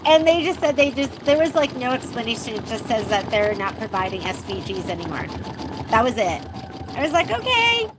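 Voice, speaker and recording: A high-voiced woman runs a casual live sewing demo from her shop. She talks in a loose, chatty way, answering viewer questions and often laughing. A sewing machine hums through clear background noise. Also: lively intonation, brisk. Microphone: handheld phone while filming.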